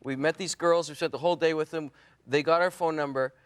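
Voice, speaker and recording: A middle-aged man trading jokes and quick asides as a panelist on a comedy talk show. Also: on the high side, steady tone, clear, resonant tone.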